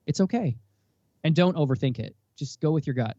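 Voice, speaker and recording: Brisk and somewhat high-voiced, he's a man in his thirties swapping candid anecdotes as a podcast guest, animatedly voicing the people in them. No echo is present, and the top end of the sound is clipped off.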